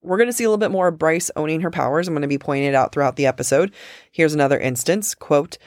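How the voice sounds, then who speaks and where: A woman co-hosting a casual book-discussion podcast, chatty with lots of fillers, reading quotes aloud slowly. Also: low-pitched, a little mellow, no echo. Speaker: podcast co-host.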